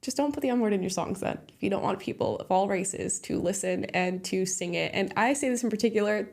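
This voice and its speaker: A woman's voice: mid-range voice, brisk, creaky. Sarcastic woman reacting to video clips. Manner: sarcastic and opinionated, laughs often. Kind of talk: casual reaction commentary.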